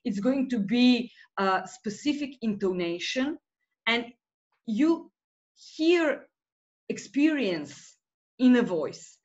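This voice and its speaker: A woman's voice: a little high, expressive, slow, muffled recording. A woman being interviewed as a researcher, explaining her ideas thoughtfully with frequent hesitations. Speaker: guest researcher in rhetoric. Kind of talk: academic interview.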